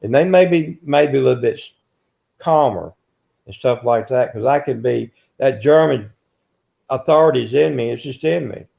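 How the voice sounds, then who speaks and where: Gravelly older man telling rambling stories. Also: medium pitch, moderate pace. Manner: rambling, self-interrupting, gruff storytelling. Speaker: interviewee. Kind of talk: casual storytelling. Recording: dull lo-fi recording.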